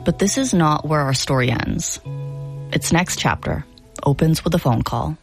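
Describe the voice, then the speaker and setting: A woman hosting a documentary podcast, narrating the story and questioning her guest in a measured way. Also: low-pitched, lively intonation, over music. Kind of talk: scripted narration and interview questions.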